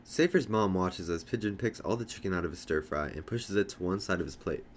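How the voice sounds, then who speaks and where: A man's voice: sits low, brisk, slight background noise. A man reading a novel aloud, telling it plainly in the first person. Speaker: audiobook reader.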